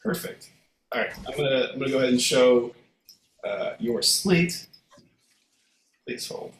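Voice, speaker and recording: A man co-hosting a casual livestream in a rambling, relaxed way, with some swearing. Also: mid-range voice, measured pace. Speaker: co-host. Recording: echoey room, faint noise.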